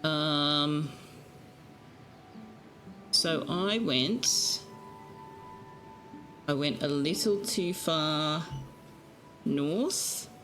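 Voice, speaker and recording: A woman's voice: low-pitched, extremely slow, pauses often, a bit bright, soft background music. A woman streamer in a casual live-stream chat, teasing her viewers and cooing at her cat, speaking into a desk microphone at home. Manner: chatty, teasing, talks to her cat in baby talk.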